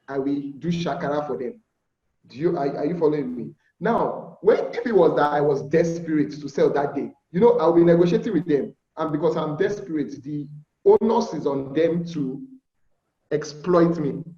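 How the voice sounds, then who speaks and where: Speaking a little high at normal speed with a warm tone, a Nigerian man runs a casual online lesson on fish farming. The video call sound is muffled and echoey; he checks in often with "all right?" and acts out buyer negotiations.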